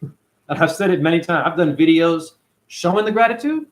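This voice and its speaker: A man's voice: fairly high pitch, animated, moderate pace. A man hosting a casual livestream, talking animatedly and profanely and answering viewers by name. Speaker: livestream host reading chat.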